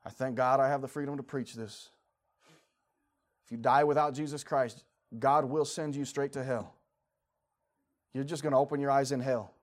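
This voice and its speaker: A man in his forties preaching a fervent sermon, swinging from quiet, low passages to loud, high-pitched shouting, acting out prayers and inner voices. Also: steady tone, normal speed. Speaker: pastor.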